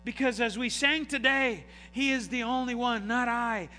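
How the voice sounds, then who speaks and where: A middle-aged man preaching a sermon as pastor, animated and full of rhetorical questions. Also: very high-pitched, moderate pace. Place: church sanctuary. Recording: hall reverb, faint noise.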